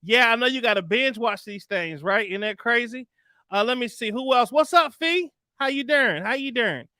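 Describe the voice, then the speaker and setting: A man with a very high, bright voice hosts a live stream in a relaxed, slangy way. He greets viewers one after another, and the sound is close and dry with no room echo. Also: moderate pace. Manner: laid-back, chatty, slangy shout-outs. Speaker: livestream host.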